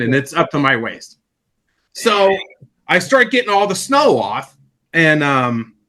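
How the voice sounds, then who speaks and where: A man's voice: on the high side, sharp tone. A man on a comedy podcast, telling a long anecdote in casual chat, with restarts and repeated words. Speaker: podcast co-host.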